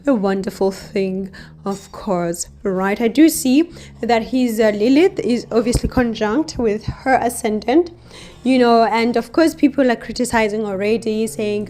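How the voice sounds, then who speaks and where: A woman hosting an astrology channel, explaining a couple's chart in an unhurried way, often adding "you know" and "right?" as she talks. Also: on the high side, mellow. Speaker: astrologer host. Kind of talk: explanatory astrology reading to camera.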